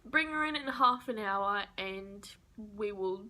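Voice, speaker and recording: A woman's voice: medium pitch, lively intonation, slow, pushed and bright, a little hiss or hum. A young woman vlogger telling a personal story while crying, her voice breaking into whispers. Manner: tearful, emotional, voice breaking into whispers.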